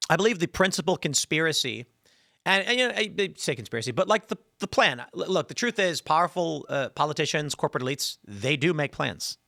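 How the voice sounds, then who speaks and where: This is a man from Chicago doing a solo political commentary. His voice sits a little high and has a bright, edgy tension. He sounds dry and close to the mic as he argues his points with conviction, often stumbling and restarting his sentences. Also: animated, a little fast, creaky, no echo. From Chicago, United States. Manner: opinionated and argumentative, with frequent restarts.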